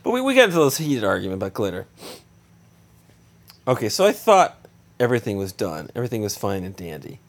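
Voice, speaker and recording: A man in his thirties casually telling a funny story, animated and exasperated, jumping up high for punchlines. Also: brisk, long pauses. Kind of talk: casual anecdote.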